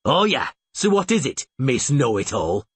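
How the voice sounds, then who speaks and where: A man's voice: medium pitch, very animated, unhurried, a bit bright, slightly rough, no echo, voice pushed up, full character voice. A man doing a blustering pockmarked huckster. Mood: irritated, mocking. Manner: blustering, wheedling, defensive.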